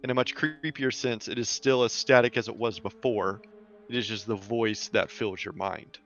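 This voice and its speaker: A man's voice: on the low side, moderate pace, a bit bright, muffled recording, faint music behind. A man running a tabletop game, narrating scenes casually with fillers. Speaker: game master.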